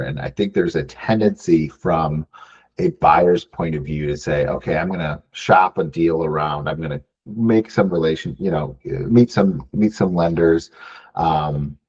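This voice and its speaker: A man's voice: rumbling low, a little mellow, breathy edge, highs cut off. A man from Michigan answering interview questions casually, often adding "right?" and restarting phrases. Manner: frequent "um" and "right?" tags, restarts. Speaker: business buyer guest.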